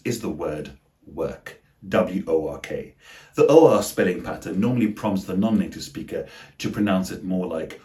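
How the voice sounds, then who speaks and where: A man teaching English pronunciation in a scripted lesson, slowly and deliberately sounding out each example word. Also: deep voice, darkish tone. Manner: slow, deliberate, over-articulated example words.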